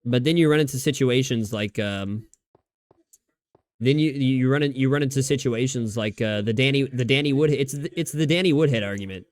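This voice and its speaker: A man's voice: mid-range voice, dry recording. Guy streaming, just rambling at his desk mic, lots of restarts and swearing. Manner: rambling, frequent restarts and stammered repeats, swears freely. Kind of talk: casual live-stream chat. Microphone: desk microphone.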